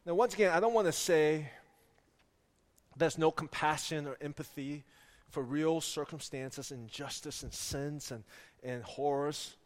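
A lively man in his thirties preaching with plenty of humor and animated storytelling. His voice sits somewhat high for a man. Long hall reverb trails behind every phrase in the church. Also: unhurried. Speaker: pastor. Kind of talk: sermon with personal stories. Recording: echoey hall.

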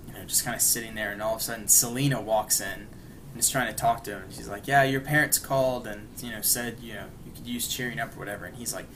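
A man's voice: mid-range voice, fairly bright tone, slight background noise, poor audio. A man co-hosting a podcast, casually recapping an episode in a rambling way with lots of "like" and "you know" fillers. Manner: briefly acts out characters' lines while retelling. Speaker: podcast co-host.

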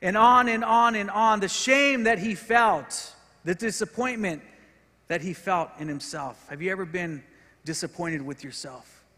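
A male pastor preaching a sermon in earnest, swinging between forceful emphasis and quiet, with frequent repeated words. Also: high voice, a little slow. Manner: earnest preaching, rising in intensity and dropping to soft, repeated words. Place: church sanctuary. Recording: hall reverb.

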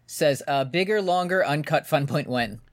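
A man's voice: a little high, moderate pace, dry recording. A man co-hosting a podcast, chatting casually and rambling with frequent swearing. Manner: rambling, laid-back, swears often. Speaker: podcast co-host. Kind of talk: casual chat.

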